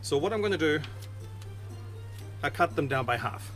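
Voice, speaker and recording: A man's voice: a little high, expressive, normal speed, fairly bright tone, faint music behind. A man hosting a gardening video outdoors in his garden, chatting casually through a how-to with self-mocking asides.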